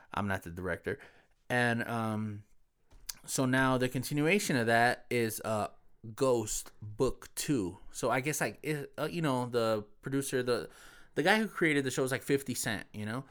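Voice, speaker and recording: A man's voice: medium pitch, normal speed, a bit bright, clear, resonant tone. A man hosting a podcast in loose casual chat, laid-back, swearing freely and full of fillers. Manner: laid-back, heavy cursing, lots of fillers. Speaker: podcast host.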